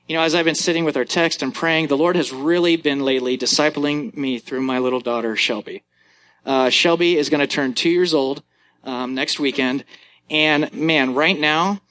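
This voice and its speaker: A young man, a youth pastor, preaching a sermon and telling family stories in an animated way. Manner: animated storytelling, acting out moments with big pitch jumps.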